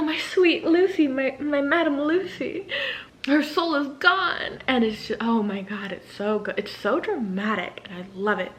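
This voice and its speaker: A woman author talking casually to camera as she recaps a novel, rambling and enthusiastic, with plenty of fillers and the odd hushed aside. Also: medium pitch, slight background noise, low-quality recording. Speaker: author and book vlogger. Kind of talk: casual book summary chat.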